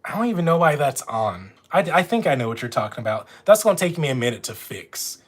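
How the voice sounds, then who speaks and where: A man's voice: on the high side, big pitch swings, quick pace. A man with a Louisiana accent, chatting casually with viewers on a live stream from home. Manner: chatty, talks straight to viewers. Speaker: notary running a live stream. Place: at home with dogs nearby.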